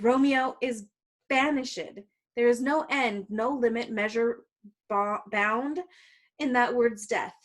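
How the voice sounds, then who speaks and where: A woman reading the part of a grieving young bride from a play aloud, slowly and earnestly. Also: fairly high pitch. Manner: slow, deliberate, earnest line reading. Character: young female lover, grieving and distraught.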